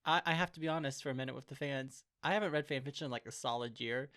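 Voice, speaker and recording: A man's voice: medium pitch, fast talker, a bit bright, clean tone. A young man co-hosting a casual podcast chat, talking in a chatty, joking way and laughing often. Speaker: podcast co-host.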